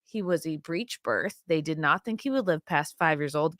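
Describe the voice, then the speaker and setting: A woman's voice: on the low side, very animated, moderate pace, a bit bright, dry recording, clean studio sound. A woman hosting her own show, giving blunt, profane and rambling commentary on video clips with a sarcastic edge. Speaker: host.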